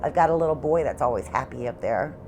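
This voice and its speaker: Middle-aged woman, low voice, earnest and halting, interview testimony from her own home. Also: lively intonation, noisy background. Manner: halting, repeats words, earnest. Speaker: homeowner interviewed about hauntings.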